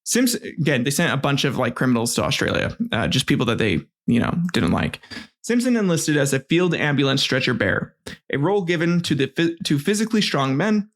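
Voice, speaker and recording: A man's voice: medium pitch, sing-song, a little fast. A man hosting a comedic history podcast, narrating with irreverent, crude jokey asides. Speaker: podcast host.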